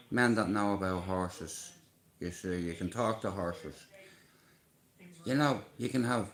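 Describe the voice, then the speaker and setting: A man with a Dublin accent telling rambling, swear-laden stories during a casual live stream. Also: on the low side. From Dublin, Ireland. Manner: drawn-out, rambling anecdotes with swearing and "bro". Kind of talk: casual livestream storytelling.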